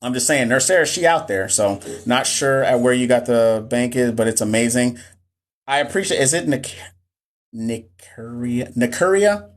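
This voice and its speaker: A man's voice: mid-range voice, expressive, normal speed. A man, hosting a casual live stream as a nursing tutor, reading viewer comments and chatting with many restarts. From Southern US.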